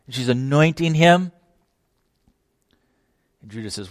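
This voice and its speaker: A man's voice: medium pitch, animated, unhurried, no echo. A male preacher delivers a sermon in a passionate, emphatic voice. He piles up rhetorical questions and repeats words as he drives each point home. The sound is close and dry.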